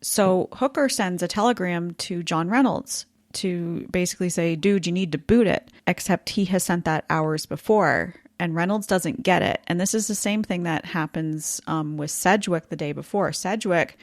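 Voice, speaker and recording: A woman co-hosts a history podcast in an easy conversational tone. Her voice sits on the low side, and she laughs easily at her own slips. The sound is dry and close, with no room around it. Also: normal speed, few pauses, no echo. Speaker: podcast co-host. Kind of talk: casual history podcast chat.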